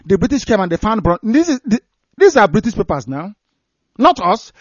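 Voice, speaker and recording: A man's voice: sits high, big pitch swings, fairly quick, breathy edge, no room sound. A man with a Nigerian accent, a broadcaster delivering impassioned commentary and ranting with repeated phrases for emphasis. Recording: dry, dull lo-fi recording.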